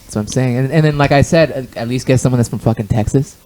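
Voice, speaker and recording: A man's voice: medium pitch, fast, warm tone, rough recording. A man co-hosting a casual podcast chat, blunt and opinionated, swearing freely and repeating himself. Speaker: podcast co-host.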